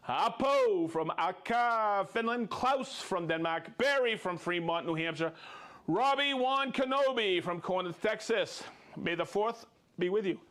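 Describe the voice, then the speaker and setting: Upbeat high-voiced male stream host. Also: fairly bright tone. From United States. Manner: upbeat, joking, reading out viewer names. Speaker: livestream host. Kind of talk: casual live-stream chat.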